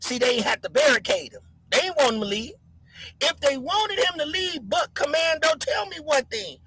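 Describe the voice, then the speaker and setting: A live stream host giving heated commentary, answering chat and mocking commenters by name while shouting. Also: high voice, big pitch swings, moderate pace, no room sound, rough recording.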